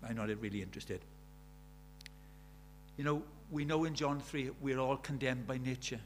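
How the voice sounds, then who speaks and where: A man preaching a sermon, animated, shifting from loud emphatic lines to quiet asides. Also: mid-range voice, normal speed, slight background noise.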